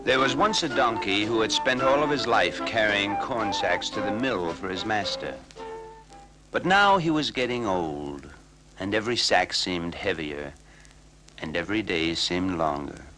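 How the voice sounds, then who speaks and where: A man narrating a children's storybook record in a playful, animated way. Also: on the low side, measured pace, soft background music, rough recording.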